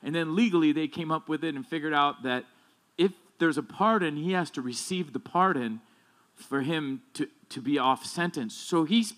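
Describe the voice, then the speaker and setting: A male pastor preaching a sermon in a casual, conversational way that turns emphatic on key points. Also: normal speed. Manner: casual, conversational, rambling with restarts and asides; emphatic, builds in loudness and pitch when stressing points.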